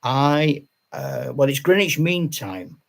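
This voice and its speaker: A man's voice: medium pitch, animated, takes it slowly, vocal fry. An older retired man, a channel host, chatting casually on a live stream, rambling with restarts and laughing often.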